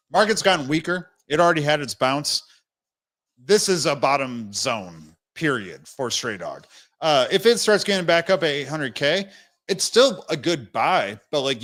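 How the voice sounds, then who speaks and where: A young man hosts a loose crypto livestream in a fairly high voice. He talks bluntly and in rambling bursts, restarts his sentences often, and keeps catching his breath through the hiccups. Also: fairly bright tone. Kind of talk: casual livestream commentary.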